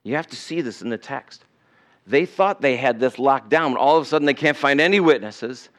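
A male pastor preaching a sermon, swinging between loud emphasis and hushed asides. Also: medium pitch, normal speed.

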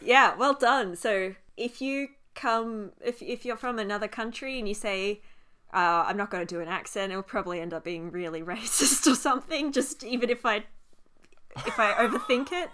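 An Australian woman co-hosts a podcast in loose, casual chat. Her voice is bright and forward, and she laughs easily, swears freely and quizzes her co-host. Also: on the high side, normal speed.

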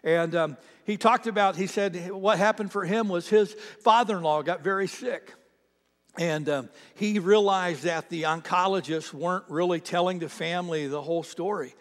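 A man's voice: high voice, normal speed. A man preaching a sermon as a pastor, telling stories earnestly and repeating words as he builds them. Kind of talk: sermon storytelling. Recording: long reverb of a large hall.

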